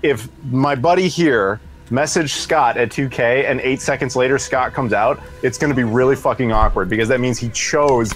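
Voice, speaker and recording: A man's voice: medium pitch, normal speed, hardly any pauses. A man co-hosting a podcast, telling an anecdote in casual chat and acting out what others said. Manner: animated, acts out others' voices. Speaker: podcast co-host.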